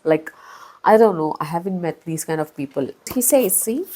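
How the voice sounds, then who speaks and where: A woman reviewing a book in a casual vlog, talking in a chatty, expressive way with big swings in pitch and loudness. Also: normal speed, a little hiss or hum, low-quality recording. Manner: chatty, with frequent fillers and restarts.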